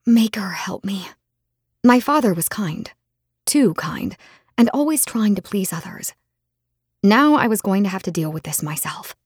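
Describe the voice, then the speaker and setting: A woman narrating a fantasy audiobook in the first person, with dramatic and expressive storytelling. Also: medium pitch, moderate pace, slightly rough, no room sound, clean studio sound.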